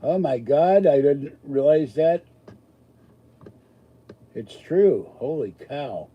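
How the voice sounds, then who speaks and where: A man's voice: on the high side, lively intonation, slow pace, slightly rough, highs cut off. A man hosting a live stream, chatting casually with a rambling, self-deprecating, joking manner. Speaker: livestream host answering chat.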